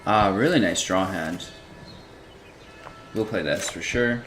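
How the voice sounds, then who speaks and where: Low-voiced man musing over a card game. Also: slow pace. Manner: relaxed, musing, thinks aloud while playing. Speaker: gameplay streamer. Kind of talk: casual gameplay commentary. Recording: music clearly under the voice.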